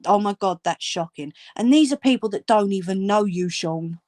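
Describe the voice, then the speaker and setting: A woman's voice: medium pitch, lively intonation, moderate pace, a little mellow, no room sound, studio quality. A woman ranting angrily at viewers, swearing and scolding. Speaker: channel host. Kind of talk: angry direct-to-camera rant.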